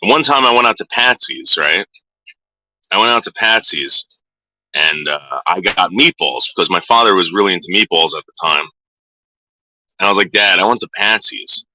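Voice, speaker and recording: New guy rambling thru family stories, low voice, really bright and dry, no room at all. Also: animated, normal speed, long pauses, no room sound, low-quality recording. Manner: rambling, repeats words, quotes people in put-on voices. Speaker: streamer telling stories about his father. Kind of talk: casual storytelling to a live chat.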